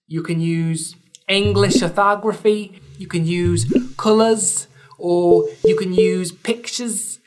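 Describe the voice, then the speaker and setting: A woman's voice: lowish voice, steady tone, takes it slowly, darkish tone. A woman podcast host giving a scripted explainer lesson, with dry, wry asides between points.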